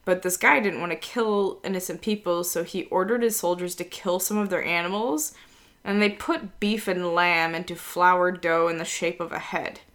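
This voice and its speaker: A woman's voice: fairly low pitch, normal speed, a bit bright. A woman in casual podcast chat, telling a history story with lots of "like" fillers and easy laughs. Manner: chatty storytelling, many "like" fillers, laughs often.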